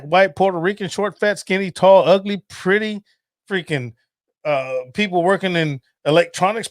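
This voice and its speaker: A man's voice: fairly high pitch, no echo, studio quality. Joking, profane man in his fifties. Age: 50s. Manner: animated, joking, profane, laughs often. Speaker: podcast host. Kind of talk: casual livestream podcast chat.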